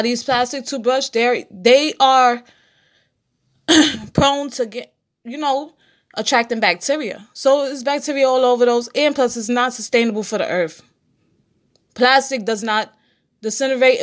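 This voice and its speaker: A woman hosts her own casual solo podcast, addressing listeners directly in a blunt, preachy and profane way. Her voice is fairly high and her pace measured.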